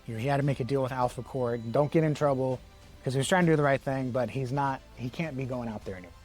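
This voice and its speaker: A man's voice: mid-range voice, fast talker, a little mellow, soft background music. A man giving a casual comic book review, rambling with many fillers and restarts and the odd chuckle. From Texas.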